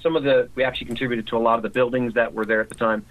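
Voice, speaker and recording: A man's voice: medium pitch, flat delivery, very fast, phone-quality sound. A man speaking as a guest in a casual interview, talking conversationally with frequent restarts.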